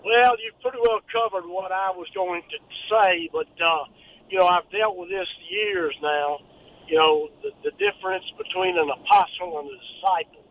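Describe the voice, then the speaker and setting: A man's voice: high-pitched, normal speed, narrow, tinny audio. A man from Mississippi, calling into a radio show while traveling, talking in a rambling, folksy, hesitant way. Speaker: caller. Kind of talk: phone-in call. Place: in a vehicle. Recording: faint noise, caller phoning while traveling.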